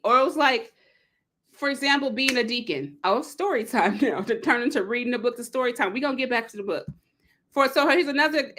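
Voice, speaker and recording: A woman hosting a live read-along, chatting casually and digressing, acting out quotes with big leaps in pitch. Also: bright, forceful tone. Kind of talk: casual livestream talk.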